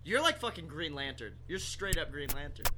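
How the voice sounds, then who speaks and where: A man's voice: a little high, very animated, fairly quick, sharp tone, a little hiss or hum. A man co-hosting a comedy podcast, making wry casual comments between readings. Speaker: co-host.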